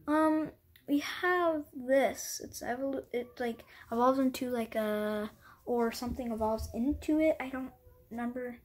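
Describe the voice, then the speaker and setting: A woman with a fairly high voice talks at a measured pace in a casual vlog from home, showing off her collection. Her chat is rambling and self-deprecating, full of apologies, with occasional dips into whispering.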